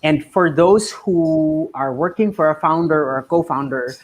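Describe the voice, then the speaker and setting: A man's voice: a little high, moderate pace. A man in his thirties hosting a casual interview, sharing reflective advice and often repeating his words as he thinks. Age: 30s. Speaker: host.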